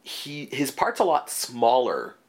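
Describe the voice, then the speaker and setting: A man's voice: mid-range voice, big pitch swings, slow pace. A man co-hosting a casual movie podcast, talking in rambling stretches full of fillers and restarts. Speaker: podcast co-host. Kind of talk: casual movie review chat.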